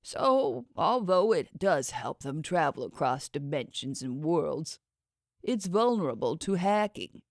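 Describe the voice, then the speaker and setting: A woman voicing a smooth, condescending male schemer who talks others into his plans. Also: deep voice, big pitch swings, a little slow, dry recording, clean studio sound, heavily acted. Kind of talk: audiobook character voice.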